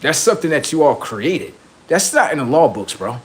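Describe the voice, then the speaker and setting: Profane, animated man ranting on a livestream. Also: on the high side, moderate pace, husky. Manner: profane, boastful, laughing, acts out quoted voices. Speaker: livestream host. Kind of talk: rambling livestream monologue.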